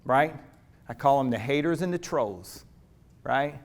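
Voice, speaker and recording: A middle-aged man giving a motivational keynote, telling a story dramatically, swinging from hushed asides to loud preacher-like calls to the audience. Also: medium pitch, expressive, unhurried. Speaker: motivational speaker.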